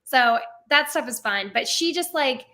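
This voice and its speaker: A woman's voice: high voice, expressive, unhurried, sharp tone. A young woman telling stories in a casual interview as a theme park performer, chatty and full of "like" fillers. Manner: chatty, many "like" fillers, laughs often.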